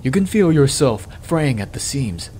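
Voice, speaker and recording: A man hosting a let's play, reading game text aloud in a measured, dramatic way and adding his own commentary. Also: big pitch swings, mellow, a little hiss or hum. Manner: measured dramatic reading, dropping low and slow on ominous lines.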